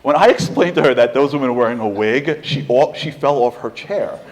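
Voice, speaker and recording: A man giving an inspirational lecture with humor, an animated storyteller who fires off rhetorical questions to the audience in a large lecture hall. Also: mid-range voice, a little fast, a little hiss or hum. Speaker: speaker. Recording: long hall reverb.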